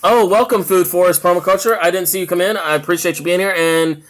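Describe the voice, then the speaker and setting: A man from South Carolina with a drawl hosts a casual live stream from home, where family noise can be heard along with slight background noise. His voice is high, fairly bright and fairly even in intonation, and he talks fast. He rambles with plenty of filler words and keeps stopping to greet viewers and answer their comments.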